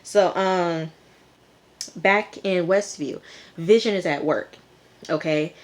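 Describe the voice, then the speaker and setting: A woman's voice: fairly low pitch, slow. A woman recapping and reviewing a TV episode in a chatty, rambling way, recorded on a hand-held phone. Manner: chatty, rambling, with frequent fillers. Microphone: phone camera held in hand.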